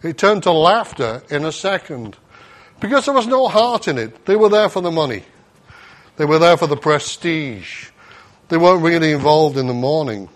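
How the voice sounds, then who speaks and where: High-voiced animated male preacher. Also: moderate pace. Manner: animated storytelling, acting out voices and laughing. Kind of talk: sermon.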